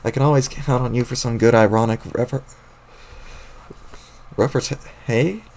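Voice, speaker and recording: A man voicing a smug, dramatic young male troll in a lowered, languid tone, while reading a webcomic aloud on stream. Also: steady tone, moderate pace, a little mellow, a little hiss or hum, close to an everyday voice.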